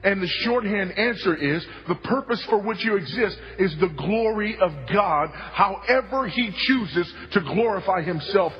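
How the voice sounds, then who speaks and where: Slow deliberate preacher guy, slightly high voice, big echoey church sound, kinda dull lo-fi. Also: expressive, soft background music. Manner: emphatic preaching, repeats key lines, swings from hushed to loud. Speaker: pastor. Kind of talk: sermon. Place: church sanctuary.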